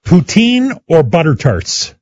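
Animated husky man hosting a chat. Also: a little high, no room sound, muffled recording. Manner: quick quiz questions, chuckling often. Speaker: radio host. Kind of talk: casual interview chat.

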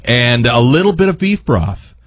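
A man's voice: medium pitch, very animated, normal speed, dry recording. A man appearing as a guest chef on a radio show, talking through a recipe in a rambling, jokey, chatty way. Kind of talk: casual cooking chat on radio.

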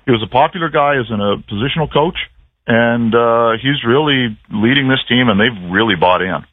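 A man's voice: mid-range voice, normal speed, dry recording. A man who is a team's play-by-play broadcaster, telling stories as a guest on a radio show in a casual, chatty way full of restarts. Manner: chatty storyteller, many restarts and fillers. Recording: dry phone line.

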